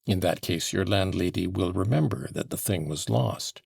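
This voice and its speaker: A man reading an audiobook, voicing a calm male official who questions a suspect in a measured, pointed way. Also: low-pitched, gravelly, slightly rough, no room sound, heavily acted. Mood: probing.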